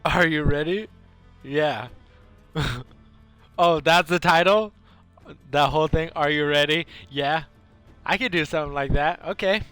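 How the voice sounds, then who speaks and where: A man's voice: fairly high pitch, measured pace, pauses often, a bit bright, clear, resonant tone, soft background music. A man livestreaming a video game, chatting casually, rambling and answering his chat as he plays. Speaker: gaming livestreamer. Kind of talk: casual chat over gameplay.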